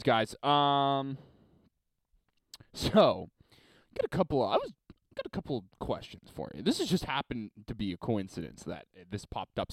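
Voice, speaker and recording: A man's voice: mid-range voice, smooth, no echo. Profane rambling man hosting a podcast. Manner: rambling, profane, laughs at his own story. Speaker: podcast host. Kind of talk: casual solo podcast storytelling.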